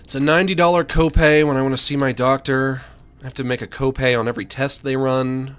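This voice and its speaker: Chatty male streamer, mid-pitched. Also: little pitch movement, quick pace, fairly bright tone, clear, resonant tone. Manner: rambling, chatty, self-deprecating. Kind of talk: casual let's-play chat.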